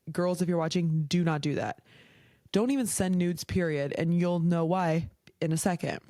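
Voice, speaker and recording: On a dry recording, a young woman with a mellow, lowish voice hosts a podcast, chatting casually and frankly. She gets heated, swears often, and says "like" a lot.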